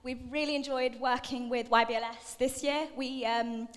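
A woman's voice: on the high side, fairly even intonation, normal speed. A young woman presenting a student dance showcase on stage, out of breath, chatty and a little flustered, with lots of fillers. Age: young adult. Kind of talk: live stage announcing. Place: large dining hall. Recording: long hall reverb.

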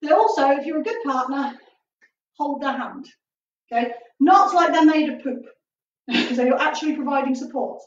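A woman's voice: sits high, lively intonation, normal speed. A woman martial arts instructor leading a live online stretching class, chatty and upbeat with jokey asides. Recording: distant, roomy, dull with faint noise.

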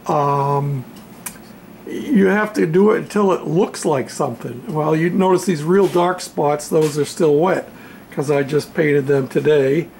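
A man talks slowly in a gravelly, fairly high voice, pausing often and filling gaps with "uh" and "um". He walks through his railroad backdrop in a relaxed show-and-tell. Faint room noise sits behind him in his home workshop. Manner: unhurried, halting, with many fillers. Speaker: model railroad hobbyist showing his painted backdrop.

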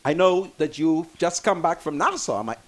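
A man's voice: fairly high pitch, lively intonation, moderate pace, a little hiss or hum. A man, hosting a talk show and ranting theatrically about politics. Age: 60s. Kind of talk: fiery political rant on talk radio.

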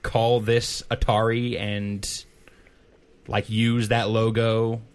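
A man hosting a podcast in casual chat, halting with many fillers and dry jokes. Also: fairly low pitch, little pitch movement. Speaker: podcast host.

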